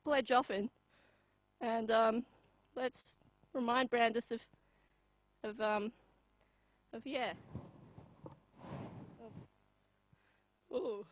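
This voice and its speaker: A young Australian woman performing a live comedy bit, deadpan and halting, with many pauses and ums. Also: fairly high pitch, poor audio.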